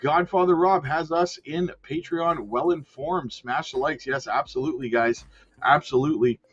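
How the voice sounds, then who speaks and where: A man with a slightly rough, a little high voice hosts a casual crypto livestream at normal speed, chatting with viewers and reading their comments aloud. The recording sounds dull and lo-fi, with faint music.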